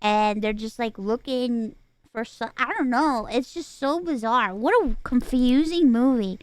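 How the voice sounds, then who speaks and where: A woman streamer chatting casually about a film she watched, animated and swearing freely, with mocking exaggerated asides. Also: a little high, a little slow, no echo. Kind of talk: casual livestream chat.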